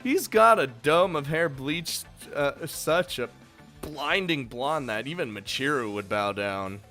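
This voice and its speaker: A man with a bright, forward voice reads the game's narration aloud, then breaks off into wisecracks, curses and laughter. His pitch sits in an ordinary middle range, and faint game music plays under him. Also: slow. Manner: jokey, swearing, laughing asides. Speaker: let's play host. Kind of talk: reading a visual novel aloud with commentary.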